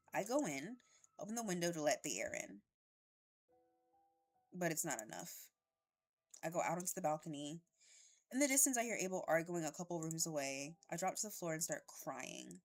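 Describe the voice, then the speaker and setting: Streamer woman narrating a dating game. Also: fairly low pitch. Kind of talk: reading a dating-sim game aloud.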